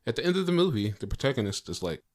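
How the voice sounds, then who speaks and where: A man hosting a podcast quiz segment, reading a movie clue with playful dramatic pauses. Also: mid-range voice, sing-song.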